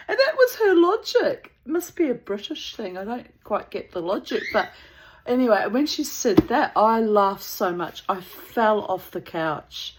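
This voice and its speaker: A woman's voice: a little high, sing-song, a little slow. A woman telling a rambling, digressive anecdote in casual chat, breaking into laughter often. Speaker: channel host.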